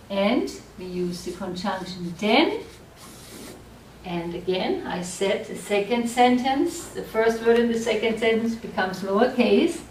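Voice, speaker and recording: Slow, patient woman teaching in an echoey room. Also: medium pitch, distant mic, a little hiss or hum. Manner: slow, patient explaining with frequent check-ins. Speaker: German language teacher. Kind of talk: classroom lecture at a board.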